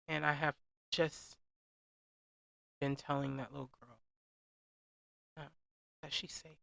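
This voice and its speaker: A woman in her thirties speaks in a candid, rambling way, full of fillers and restarts. Her voice has a gravelly fry at the bottom. It is recorded dry and close, with no room sound. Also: low-pitched, level tone, slow pace, long pauses, bright, forceful tone, dry recording. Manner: emotional, vulnerable. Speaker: host. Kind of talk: personal reflective monologue.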